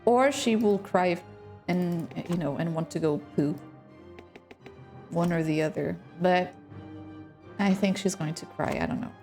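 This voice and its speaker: A woman's voice: fairly low pitch, measured pace, long pauses, darkish tone, faint music behind. A woman chatting casually while streaming a game from home, talking to her chat and pets. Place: home room.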